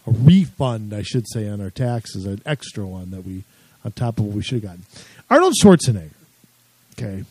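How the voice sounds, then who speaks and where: Chatty rambling man with lively pitch. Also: a little fast, slightly rough, no room sound, poor audio. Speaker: co-host. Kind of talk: casual political talk.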